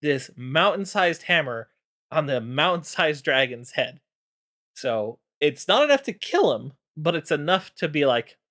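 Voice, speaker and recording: A man's voice: fairly high pitch, sing-song, a little slow, bright, forceful tone. A man streaming, casually recapping game lore with lots of fillers.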